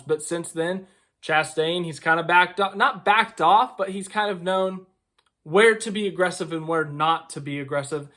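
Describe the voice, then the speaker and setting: A man's voice: fairly high pitch, pushed and bright. A man giving casual, opinionated racing commentary to camera, talking in a loose conversational way with asides.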